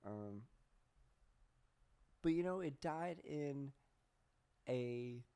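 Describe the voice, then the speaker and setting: A man's voice: mid-range voice, expressive, extremely slow, gravelly, warm tone, clear, resonant tone. A young man hosting a podcast, telling stories in a rambling casual way, swearing often and laughing at himself. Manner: reads search results aloud. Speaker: podcast host. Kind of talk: casual storytelling chat.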